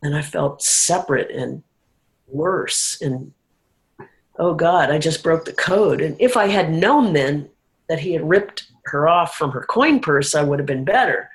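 A woman's voice: deep voice, expressive, measured pace, rough recording. A woman speaking as an interview guest, telling a personal recovery story in a candid, emotional way.

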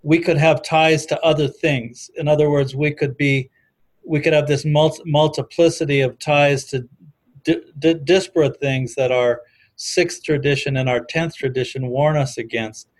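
Man, higher-pitched, thoughtful talker who quotes texts from memory. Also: steady tone, moderate pace. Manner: thoughtful, quotes literature from memory, frequent restarts. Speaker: discussion guest on recovery history. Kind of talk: casual conversation.

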